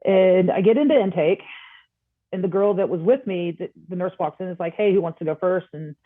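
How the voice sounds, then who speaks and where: A woman guest on a podcast, telling a personal story in a casual, animated way and acting out the dialogue. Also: lowish voice, brisk, no room sound. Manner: animated, acts out quoted dialogue. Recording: tinny phone-like line.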